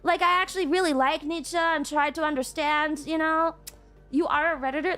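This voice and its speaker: A woman's voice: high-pitched, steady tone, fairly quick, sharp tone, soft background music. A woman streaming live, reading out chat messages and ranting back at them, swearing and throwing mock tantrums. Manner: reads out and reacts to chat messages. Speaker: VTuber streamer.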